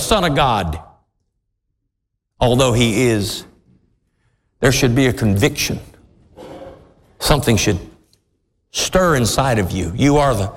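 A man preaching a sermon in a church, with fervent, drawn-out emphatic phrases. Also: medium pitch, animated. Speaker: pastor. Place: church sanctuary with congregation responses. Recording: long church reverb.

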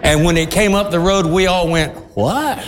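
A man preaching a sermon through an animated story, acting out the voices of everyone in it. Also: high voice, a little fast, long reverb tail, noisy background. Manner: animated, acts out every voice in his stories.

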